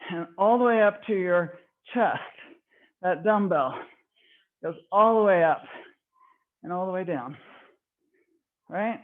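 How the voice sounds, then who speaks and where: Woman, fitness instructor, online workout class, encouraging, slightly out of breath, unhurried, tinny phone-like sound. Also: medium pitch. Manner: encouraging, cueing and counting reps.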